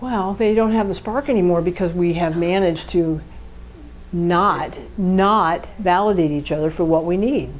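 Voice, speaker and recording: A woman's voice: fairly low pitch, unhurried, slight background noise, low-quality recording. A woman co-hosting a podcast, explaining relationship communication in a conversational way, often checking in with rhetorical questions and acting out what partners say. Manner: animated, acts out quoted partners in a raised voice.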